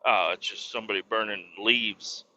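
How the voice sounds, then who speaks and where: A man's voice: lowish voice, steady tone, moderate pace, sharp tone, dull audio. A man, a truck driver, hosting a podcast and telling a rambling story in casual, profane talk, raising his voice when he quotes people.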